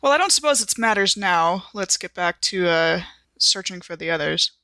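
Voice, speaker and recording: A woman's voice: lowish voice, lively intonation, normal speed, bright, forceful tone, dry recording. A woman playing a prim, genteel woman doctor in a role-play, speaking politely and properly with hesitant ums.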